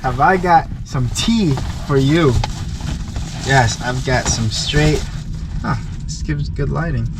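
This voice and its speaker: A man's voice: medium pitch, slow pace, noisy background. A young man telling a story in a casual, rambling vlog from inside his van, full of "like" and giggles. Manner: rambling, giggly, heavy filler "like". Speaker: vlogger.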